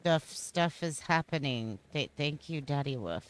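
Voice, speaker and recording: A woman streaming a game live, chatting casually and excitedly with viewers and often stammering over her words. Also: low-pitched, a little slow. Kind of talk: casual live-stream chat while gaming.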